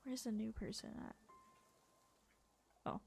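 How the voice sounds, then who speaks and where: A woman's voice: on the high side, little pitch movement, slow, creaky, a little mellow, soft background music. Chatty woman streamer, swearing freely. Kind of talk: casual gameplay commentary.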